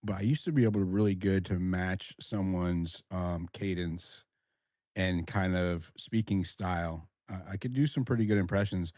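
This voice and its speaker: Halting low-voiced man, dry sound. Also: mellow, dry recording. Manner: halting, many restarts and fillers. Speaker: host of an audio chat room. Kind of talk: casual chat.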